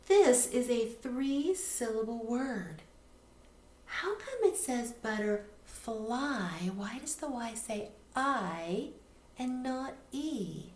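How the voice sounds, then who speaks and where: A woman's voice: medium pitch, a little mellow. A woman teaching a reading lesson, patiently spelling words out letter by letter. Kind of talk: recorded phonics lesson. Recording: echoey room with faint noise.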